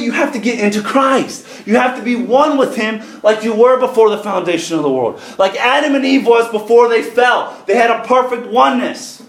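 Man, preacher, sermon, scripture reading, emphatic, high pitch. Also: moderate pace, few pauses, reverberant. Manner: reads scripture aloud and drives points home with rising emphasis.

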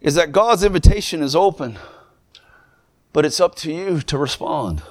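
Fervent high-voiced preacher. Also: male voice, expressive, moderate pace. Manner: fervent preaching that builds to shouting. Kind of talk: sermon.

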